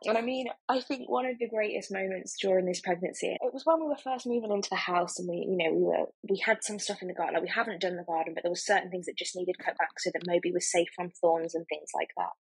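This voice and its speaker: A young pregnant woman chatting as a podcast guest, telling stories in an animated way. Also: lowish voice, quick pace, creaky, few pauses, breathy edge, no room sound. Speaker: hospital worker. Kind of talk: casual chat.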